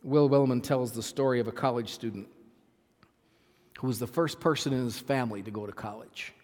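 A man preaching a sermon as pastor, emphatic, repeating phrases and swinging from loud to soft. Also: medium pitch, fairly quick, in a large hall. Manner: emphatic, repeats phrases, swells and drops in volume.

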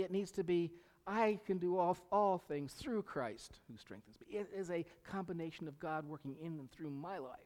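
A man's voice: on the high side, a little mellow. A middle-aged male pastor preaching a sermon, emphatic, repeating key phrases and sometimes dropping to a whisper. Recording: long reverb of a hall.

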